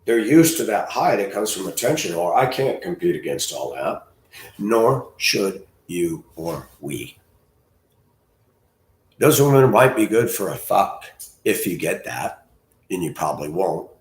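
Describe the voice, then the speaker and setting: A man ranting crudely in a monologue, breaking into loud outbursts and mocking voices. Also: low voice, very animated, unhurried, roomy sound. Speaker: host.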